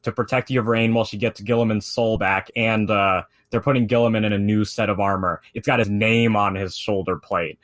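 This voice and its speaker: A man's voice: on the low side, fairly even intonation, brisk, hardly any pauses, fairly bright tone. A man in casual podcast chat, retelling a story in a rambling way with lots of fillers and swearing. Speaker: podcast co-host explaining lore.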